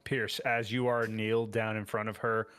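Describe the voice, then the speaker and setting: A man narrating a tabletop game as game master, describing scenes in an unhurried way. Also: fairly low pitch, flat delivery, fairly bright tone, smooth, faint music behind.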